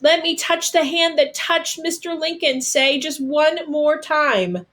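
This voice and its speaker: A woman reading aloud puts on a frightened teenage boy soldier from a storybook, feverish and gentle. His soft, pleading voice lifts higher than her own. He sounds weak and scared. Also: takes it slowly.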